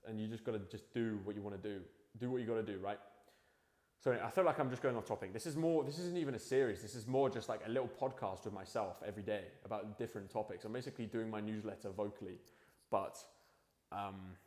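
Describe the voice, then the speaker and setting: A man's voice: lowish voice, quick pace, darkish tone. Rambling young man in an echoey room. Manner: rambling, swears freely, restarts often; drops to mumbling while searching for a quote. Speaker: vlogger. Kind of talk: casual motivational monologue. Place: home at night. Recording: echoey room with long reverb.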